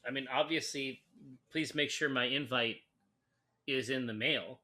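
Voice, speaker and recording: Bright-voiced man, halting chat. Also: mid-range voice. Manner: halting, many fillers and restarts, chuckles. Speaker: co-host of a live brewing stream. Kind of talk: casual chat while reading viewer comments.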